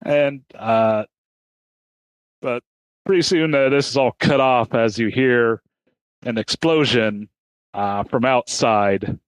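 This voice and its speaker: A man narrating a tabletop game as game master, halting with many fillers. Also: mid-range voice, smooth, no echo.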